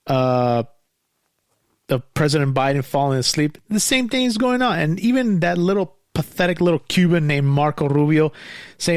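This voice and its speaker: Male host, fairly high voice, heated profane rant, dry close recording. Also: expressive, normal speed, no echo. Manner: angry, profane, rambling with many restarts and fillers. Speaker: podcast host. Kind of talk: casual ranting monologue.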